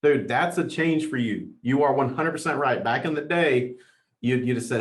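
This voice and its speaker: A man in his forties hosting a team call, energetic and emphatic, repeating lines for punch. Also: medium pitch, moderate pace. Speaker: host leading a team call.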